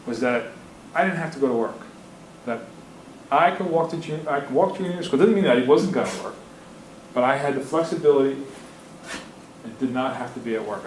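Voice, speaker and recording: A middle-aged man lecturing students, candid and openly emotional, mixing advice with personal stories. His voice sits at an ordinary pitch for a man. It carries the echo of a roomy lecture hall over a faint hiss. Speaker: guest speaker. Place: university lecture room.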